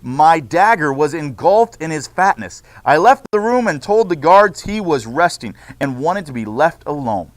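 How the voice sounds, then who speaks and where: A man's voice: on the high side, big pitch swings, measured pace, few pauses, no echo. A man voicing a boastful male assassin who casually brags about his deed. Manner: casual, bragging.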